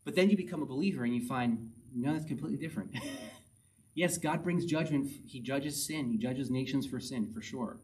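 A man's voice: medium pitch, fairly quick, darkish tone. Man preaching a conversational sermon from a distance. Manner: conversational preaching, reads scripture aloud, emphatic repetition. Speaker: pastor.

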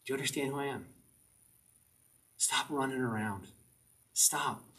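During a church service, a pastor preaches a sermon in a mid-range voice that's unhurried yet pushed and bright. He's earnest, driving his point home with short, repeated commands. His voice sits a little distant from the mic.

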